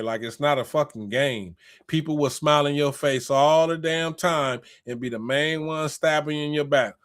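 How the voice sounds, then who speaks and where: A man with a high, piercing voice delivers a fiery spiritual rant. He is blunt and profane, and he drives each point home by repeating it again and again. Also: a bit bright. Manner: profane, blunt and emphatic, repeats phrases for stress. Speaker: spiritual motivational speaker.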